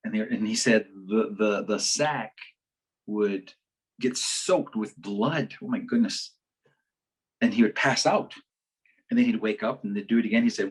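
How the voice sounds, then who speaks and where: A man's voice: on the low side, unhurried, husky, low-quality recording. A man giving a community health talk, telling a story in a conversational way, often restarting and quoting what others said. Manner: conversational, repeats words and restarts, quotes others. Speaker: health educator. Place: online community forum session.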